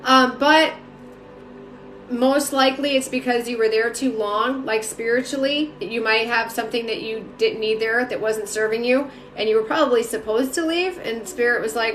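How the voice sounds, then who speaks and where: A woman's voice: fairly high pitch, moderate pace, fairly bright tone, echoey room, soft background music. A woman giving casual live-stream spiritual readings, chatty, greeting viewers by name and talking with lots of fillers. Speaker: spiritual reader and mentor. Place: home room.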